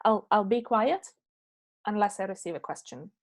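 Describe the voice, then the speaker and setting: A woman's voice: medium pitch, animated, normal speed. A woman English teacher answering chat questions after an online lesson, patiently checking that her answers land, speaking into an online meeting microphone. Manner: patient, checks understanding with "yeah?" and "okay?".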